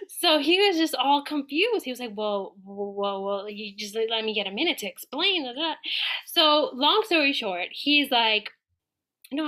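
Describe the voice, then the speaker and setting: A woman guest on a podcast telling a personal story in a casual, animated way, acting out her own quoted dialogue. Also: fairly high pitch.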